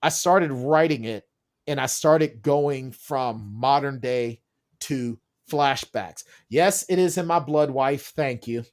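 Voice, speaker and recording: A man's voice: mid-range voice, takes it slowly. A man on a video call as an author guest in casual chat, telling stories with energy and acting out the people he quotes. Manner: animated storyteller, acts out quotes.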